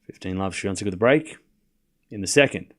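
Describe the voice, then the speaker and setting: A man's voice: deep voice, a little fast, a bit bright. A young Australian man hosting a casual live tennis watchalong, rambling between score calls. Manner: rambling and chatty, calling scores between asides. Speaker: host doing live tennis commentary. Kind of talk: casual live-stream commentary.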